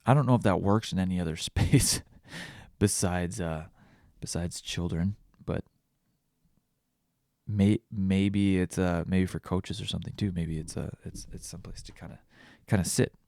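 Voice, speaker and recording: A man's voice: sits low, fairly even intonation, normal speed, vocal fry, a little mellow, dry recording, clean studio sound. A man hosting a casual solo podcast, rambling and self-deprecating with crude jokes. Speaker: podcast host.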